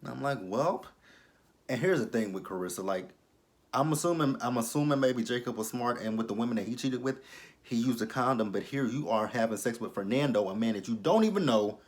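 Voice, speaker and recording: A fairly low-pitched man talks through a TV episode in casual recap commentary. He is sassy and blunt, and he swears freely. He swings from loud, animated outbursts to quiet, muttered asides. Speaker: TV episode reviewer.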